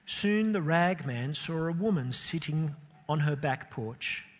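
A man reads a story aloud with deep feeling, lingering on pauses and letting his voice sink for the sad moments. His tone is husky and a bit breathy, and a long reverb hangs after each phrase, as in a large hall. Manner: expressive, emotional, with slow pauses. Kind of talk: dramatic story reading.

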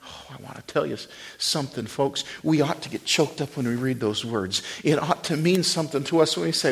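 Guy preaching a sermon, kinda high voice, goes real quiet then gets loud. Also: a little fast, vocal fry, slightly rough. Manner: swings from hushed, near-whispered lines to loud, raised preaching. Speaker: pastor.

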